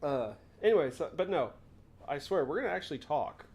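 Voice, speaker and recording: A young man hosting a casual livestream, his voice on the higher side and swinging widely in pitch. He rambles along, interrupting himself and riffing as he goes. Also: animated, a little fast, darkish tone. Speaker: livestream host.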